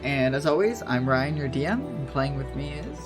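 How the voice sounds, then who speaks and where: A man's voice: medium pitch, expressive, moderate pace, music in the background. A man narrating a tabletop game as its game master, loose and rambling with many fillers.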